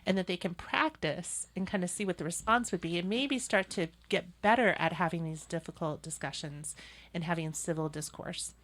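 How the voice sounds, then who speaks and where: A woman hosting a political talk show, earnest and opinionated as she talks with her co-host. Her voice sits somewhat low, and her delivery is conversational. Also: normal speed, a bit bright.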